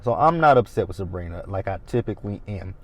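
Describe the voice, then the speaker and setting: A man's voice: deep voice, animated, quick pace. A man in his thirties recapping a TV episode in a casual, blunt and opinionated way. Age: 30s. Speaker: TV recap host.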